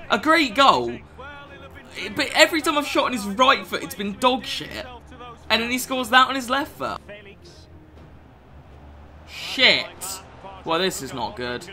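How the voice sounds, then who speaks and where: A young man talks over his football game, muttering low one moment and shouting with outrage the next. His voice sits high and very bright, with a lively, jumpy pitch. Faint game music plays underneath. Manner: swings from mutters to furious shouting, swears a lot. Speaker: gaming YouTuber. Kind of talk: live gameplay commentary.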